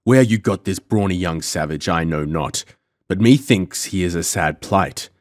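A man voicing a cold, menacing male pirate captain with a deep voice in an audiobook. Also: normal speed, no room sound, clean studio sound, lightly acted.

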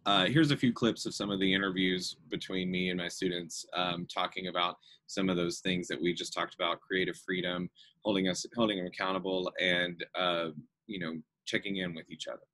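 A man's voice: sits low, steady tone, fairly quick, pushed and bright. A man who directs a school theatre program, giving an earnest, encouraging conference talk with many fillers. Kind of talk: conference presentation.

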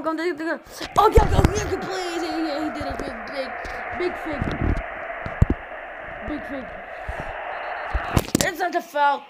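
A high, bright-voiced woman calls a football video game in a rush of shouted play-by-play, barking orders at her players. The home recording carries a clear hiss of noise behind her. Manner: shouty, rapid play-by-play, frequently yelling at players. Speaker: gameplay commentator. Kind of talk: excited football game commentary.

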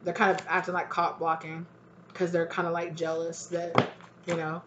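A woman's voice: on the low side, completely flat delivery, moderate pace, highs cut off, heavy background noise. A woman giving a casual tarot reading, talking in a loose, chatty way and acting out what friends might say. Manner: chatty, acts out quoted friends with lots of "like". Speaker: tarot reader.

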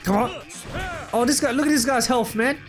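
A man giving casual, excitable gameplay commentary, full of slang and shouts at the game. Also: very high-pitched, normal speed. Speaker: let's play gamer. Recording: loud game music underneath. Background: game music.

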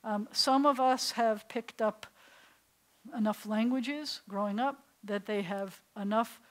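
A woman's voice: fairly high pitch, takes it slowly, rough recording. Rabbi teaching a class, storytelling woman. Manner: storytelling, asks the class questions. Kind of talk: classroom lecture to adult learners. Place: synagogue classroom.

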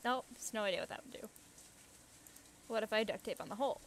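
Young woman gamer, slow chatty commentary, higher voice with some fry. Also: slight background noise. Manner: chatty, thinks aloud, gasps and squeals at the game. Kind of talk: casual let's play commentary.

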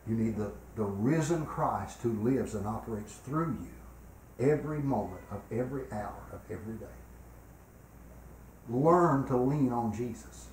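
Older man, revival preacher, emphatic then quiet, personal stories, echoey church, faint background hum. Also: mid-range voice, animated, unhurried. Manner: swings between loud emphatic preaching and quiet storytelling. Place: church sanctuary.

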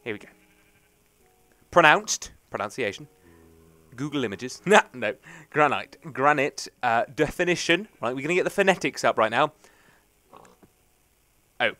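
A man's voice: mid-range voice, animated, normal speed, long pauses, pushed and bright, no echo. A young man, rambling and joking through casual let's play commentary. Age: young adult. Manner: rambling, chatty, jokey. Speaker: gaming commentator.

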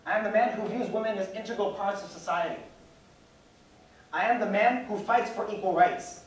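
Young guy doing a slow, steady spoken word piece, pretty high voice, faint hiss behind. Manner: measured, repetitive declamation. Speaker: student performer. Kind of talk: spoken word poem recital. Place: lecture hall at a campus event. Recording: very echoey hall, distant mic, some noise.

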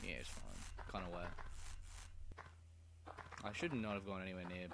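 A man's voice: low voice, very animated, normal speed, vocal fry, noisy background. A young man giving casual, rambling gameplay commentary full of swearing and mumbled asides. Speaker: let's play gamer. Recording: game music loud behind voice. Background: game music.

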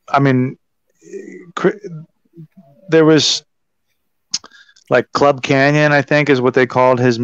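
A man chatting casually on a livestream, rambling through warm stories with lots of fillers over a video call. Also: mid-range voice, clean tone, no room sound. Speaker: wrestling podcast guest. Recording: dull, dry lo-fi stream audio.

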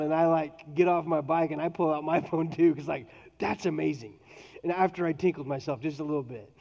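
A man's voice: on the high side, a little mellow. A man preaching a sermon as pastor, in a playful, joking storytelling manner. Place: church auditorium. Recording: dull sound with long hall reverb.

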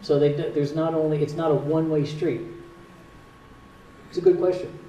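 A man's voice: on the high side, fairly even intonation, normal speed, warm tone. Man with a Northern US accent in an echoey hall. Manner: plain, patient explaining with dry jokes. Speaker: cardiologist giving a talk. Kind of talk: explanatory health talk with audience Q&A. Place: community hall at a retirement home. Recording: echoey hall, distant mic, faint hiss.

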